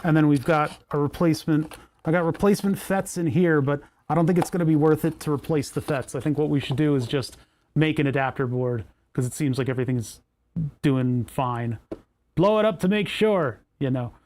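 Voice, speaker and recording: A man's voice: a little high, steady tone, a little fast, a little mellow, slight background noise. A man hosting a casual livestream, rambling and self-mocking as he thinks aloud while tinkering with electronics. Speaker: livestream host.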